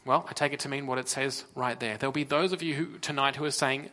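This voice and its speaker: An Australian man preaching a sermon earnestly, swinging from loud emphasis to hushed, near-whispered lows, with pauses and restarts. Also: fairly even intonation.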